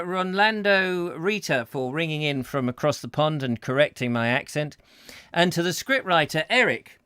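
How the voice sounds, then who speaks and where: Bright, jokey man hosting a live show. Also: on the high side, clean tone, no room sound, studio quality. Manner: rambling, jokey, chatty asides. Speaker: host. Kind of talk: comic chat-show sign-off.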